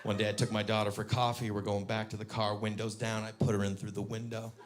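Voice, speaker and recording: A man in his thirties doing stand-up about his kids, telling it deadpan and jumping into high shrill voices for them. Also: fast, music in the background. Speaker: stand-up comedian. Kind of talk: stand-up comedy. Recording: live club show with faint crowd noise.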